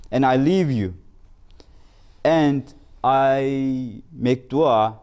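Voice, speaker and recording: A man's voice: mid-range voice, dark tone, close to an everyday voice. A man voicing an eager caged parrot. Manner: eager, pleading questions. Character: pleading caged male pet parrot.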